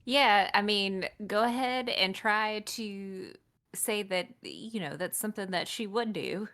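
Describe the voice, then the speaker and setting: A woman's voice: mid-range voice, takes it slowly, fairly bright tone. Female player with a mid-range voice, dry and teasing in banter. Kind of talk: casual banter.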